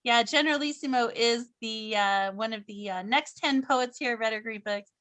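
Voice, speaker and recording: Brief: bright, upbeat woman host on a video call, casual and encouraging, a touch high. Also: normal speed. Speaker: event host. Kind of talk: hosting an online event.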